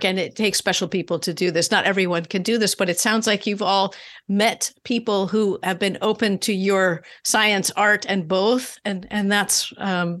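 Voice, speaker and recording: A woman's voice: medium pitch, fairly bright tone. A woman hosting a panel discussion, appreciative as she sums up. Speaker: host. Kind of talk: panel moderation.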